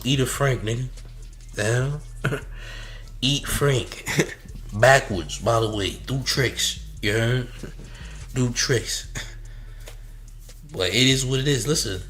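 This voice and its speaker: A man's voice: medium pitch, a bit bright. A man hosting a reaction commentary, mocking and slangy, laughing often between remarks. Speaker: commentary host.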